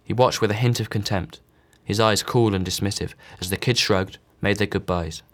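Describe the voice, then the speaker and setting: A man reads a novel aloud in a low, steady voice. He gives each character only a slight change of voice. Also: moderate pace. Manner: reads all characters with small voice shifts. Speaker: audiobook narrator. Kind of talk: scripted narration.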